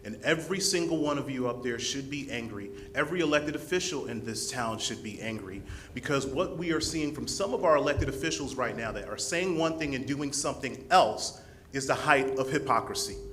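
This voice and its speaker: A man speaks into a podium microphone in a council chamber with forceful, building indignation. His voice has a middling pitch. Faint ambient noise hangs behind him. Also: animated, a little fast. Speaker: public commenter. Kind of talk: impassioned public comment.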